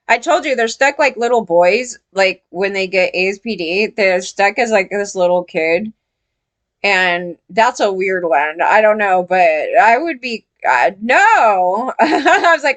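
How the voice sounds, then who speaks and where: A woman talking straight to her audience in loose commentary. She is blunt and profane, full of "like" and "you know", and her voice leaps up when something outrages her. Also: measured pace. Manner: blunt, profane, rambling with many fillers; animated, jumps in pitch when outraged. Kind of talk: casual reaction commentary.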